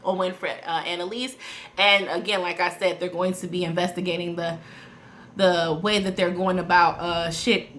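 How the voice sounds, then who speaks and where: A woman's voice: lowish voice, level tone, moderate pace, a bit bright, a little hiss or hum. A woman chatting casually to her viewers while recapping a TV episode, with frequent fillers and asides. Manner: chatty, addresses viewers as y'all, many fillers. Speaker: TV recap vlogger.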